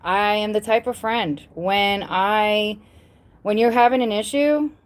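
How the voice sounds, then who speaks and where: A woman's voice: medium pitch, takes it slowly. A woman from the American South with a Southern accent, chatting casually on a livestream, rambling and repeating herself with lots of ums and blunt asides. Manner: rambling, repetitive, blunt with frequent ums and mild swearing. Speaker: YouTuber on a livestream.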